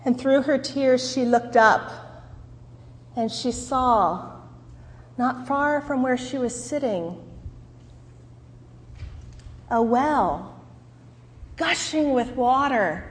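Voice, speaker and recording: A woman pastor preaching a sermon, telling a story in an earnest, measured way. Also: sits high, big-room sound.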